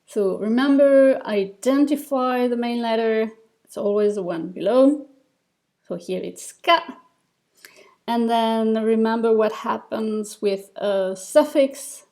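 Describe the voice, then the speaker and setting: A woman's voice: on the high side, a little slow, mellow. A woman teaching a beginner reading lesson, explaining step by step in a patient way, with fillers and small restarts. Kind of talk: recorded lesson over slides.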